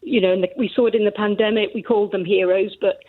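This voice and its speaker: Middle-aged woman caller, tentative and hesitant, mid-pitched voice over a tinny phone line. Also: fairly even intonation, fast. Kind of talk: casual phone-in chat.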